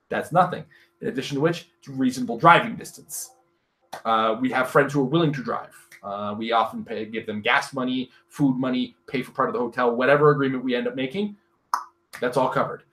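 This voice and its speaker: A Canadian man from Northern Ontario co-hosting a podcast, chatting casually with animated joking rants and frequent laughter. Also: medium pitch. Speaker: podcast co-host. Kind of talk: casual chat.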